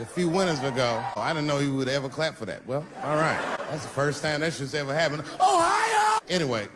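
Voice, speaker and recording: A man performing stand-up comedy on a large theater stage, telling profane, animated stories and acting out quotes. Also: medium pitch. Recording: live theater recording with background noise.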